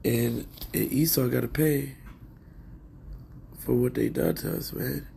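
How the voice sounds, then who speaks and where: Gravelly preachy man reading scripture. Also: mid-range voice, fairly even intonation, slow, dark tone, slight background noise. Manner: preachy, keeps asking "all right?". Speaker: religious commentator.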